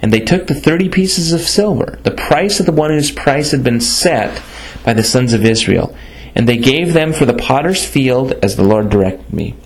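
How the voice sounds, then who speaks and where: A man reading scripture aloud in a steady, plain manner, now and then stumbling over a word and correcting himself. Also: medium pitch, moderate pace, low-quality recording.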